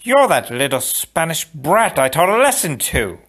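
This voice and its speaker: A man's voice: a little high, sing-song, a little slow, fairly bright tone, breathy edge, pitched above the performer's own voice, full character voice. A man voicing a cruel, gloating middle-aged count in a storybook reading, mocking and sneering.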